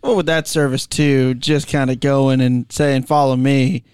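A man's voice: mid-range voice, steady tone, a little slow, a little mellow, clear, resonant tone, no room sound, clean studio sound. A man co-hosting a podcast, chatting in an easygoing, teasing way. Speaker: podcast co-host. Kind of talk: casual chat.

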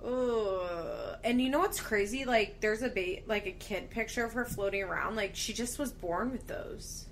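A woman's voice: mid-range voice, moderate pace, hardly any pauses, a bit bright. A young woman co-hosting a podcast, chatting casually about a TV show and using lots of filler words. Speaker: podcast co-host. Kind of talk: casual chat recapping a TV show.

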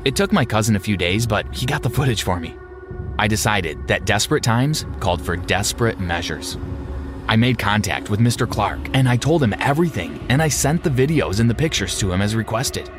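A man narrating a first-person story in a steady, measured way. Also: fairly low pitch. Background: background music.

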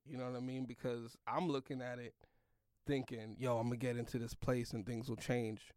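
A man's voice: medium pitch, little pitch movement, moderate pace, darkish tone, dry recording, clean studio sound. A young man, a comedian, telling a rambling story in loose slang, full of "like" and "yo". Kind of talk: casual storytelling in a podcast chat.

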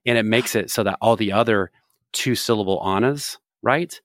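A man's voice: on the low side, moderate pace, fairly bright tone, no room sound, studio quality. A man co-hosting a podcast, rambling through joking stories in casual banter. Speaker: podcast co-host.

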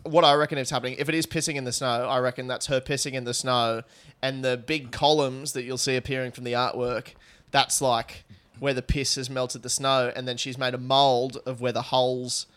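A man's voice: mid-range voice, little pitch movement, brisk, a bit bright. A man co-hosting a podcast, rambling and swearing in casual banter with frequent laughs. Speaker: podcast co-host.

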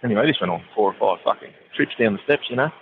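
Crude, fast-talking man. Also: lowish voice, animated, phone-quality sound, noisy background. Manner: crude, rapid-fire, swearing constantly. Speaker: caller. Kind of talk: joke-telling voice message.

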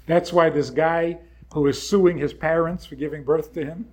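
A man's voice: fairly high pitch, steady tone, normal speed, a little mellow. A man giving a sermon-like talk, firing off rhetorical questions in short punchy phrases.

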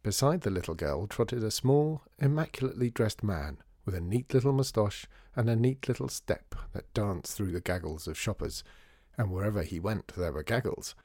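A man narrating a storybook in a measured, gently wry way. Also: fairly low pitch, animated, no echo, clean studio sound. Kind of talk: storybook reading.

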